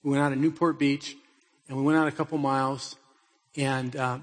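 A man's voice: on the high side, husky, in a large hall. A middle-aged man preaching a sermon as a pastor, telling stories in a conversational way and putting pointed questions to his listeners.

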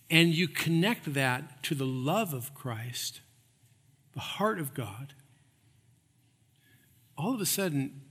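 A man preaching a sermon, emphatic, repeating phrases and swinging between loud and hushed. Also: a little high, husky, long reverb tail. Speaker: pastor.

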